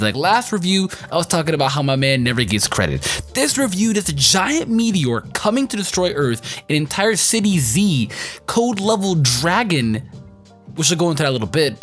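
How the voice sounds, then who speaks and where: Male reviewer, casual and excitable, slangy rambling delivery, lively up-and-down voice. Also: fairly high pitch. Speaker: anime reviewer.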